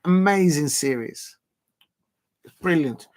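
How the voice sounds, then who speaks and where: A man's voice: on the high side, lively intonation, slow pace, a little mellow. A man hosting a football watch-along stream, chatting casually, reading viewer comments and rambling with lots of fillers.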